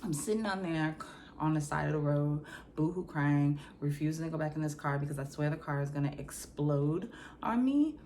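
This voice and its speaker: A woman vlogger telling a story in a casual, slangy, animated way, acting out scenes with sound effects. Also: low voice, normal speed, slight background noise.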